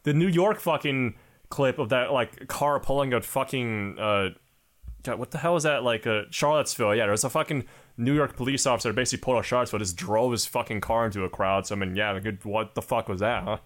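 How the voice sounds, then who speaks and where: A man's voice: medium pitch, quick pace, fairly bright tone. A young man co-hosting a podcast, talking in a rambling, heavily sworn casual rant full of fillers. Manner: heavy swearing, rambling, filler-laden. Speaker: podcast co-host. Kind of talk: casual chat.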